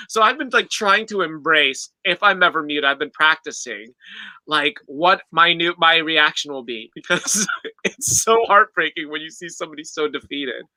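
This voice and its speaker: A man's voice: sits high, pushed and bright, dry recording. A man co-hosting a casual podcast over a video call, chatty and laughing often. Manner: chatty, laughing, many "like" fillers. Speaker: podcast co-host. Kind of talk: casual chat.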